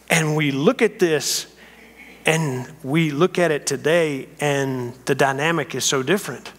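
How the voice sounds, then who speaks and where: Animated male guest preacher. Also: on the high side, unhurried, big-room sound. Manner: animated storytelling, acts out scenes. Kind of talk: sermon. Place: church sanctuary.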